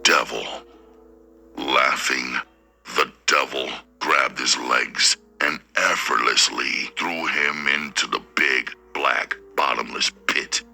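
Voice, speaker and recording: A male storyteller with an extremely deep, gravelly voice, reading slowly and deliberately. His tone is husky yet bright and forward. Soft music plays underneath. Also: fairly even intonation. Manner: slow, deliberate, preacherly delivery. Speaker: narrator and audiobook reader. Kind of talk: dramatic storytelling narration.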